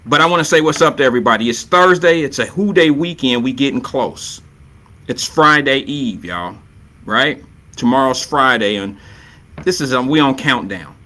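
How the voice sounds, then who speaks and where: A man with a bright, forward voice hosts a laid-back live stream show from a home setup. He chats loosely and playfully, greets viewers by reading their comments, and keeps circling back to his catchphrases. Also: mid-range voice, lively intonation, moderate pace. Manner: loose and playful, repeats catchphrases, chuckles often.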